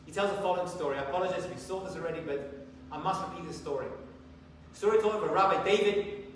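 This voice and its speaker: A man giving a sermon as a rabbi, telling a story and acting out the dialogue in lively bursts. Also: high-pitched, fast, a little hiss or hum. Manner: animated storyteller, acts out dialogue. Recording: echoey hall from far off, faint ambience.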